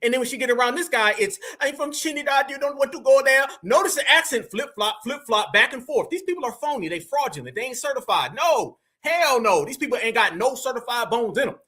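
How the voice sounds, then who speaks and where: A man with a very high, piercing voice delivers heated online commentary straight to his audience. He talks in emphatic slang and keeps calling his viewers fam and y'all. The tone is sharp and forceful. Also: sing-song, fairly quick, few pauses, husky. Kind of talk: opinionated commentary.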